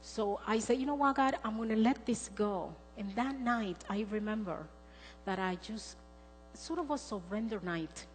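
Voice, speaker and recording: A woman's voice: mid-range voice, a little slow, darkish tone. A middle-aged woman giving a sermon with a personal testimony, earnest and storytelling in manner. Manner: earnest, storytelling, acts out quoted dialogue. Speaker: speaker. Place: church sanctuary. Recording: long church reverb, faint music.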